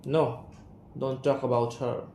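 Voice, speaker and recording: A man's voice: medium pitch, flat delivery, slow, mellow. Chandan, a man reading a guarded son. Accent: Indian English. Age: young adult. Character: young man, guarded, estranged son and writer. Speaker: student reader. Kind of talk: reading an audio play aloud. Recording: roomy room, faint hiss.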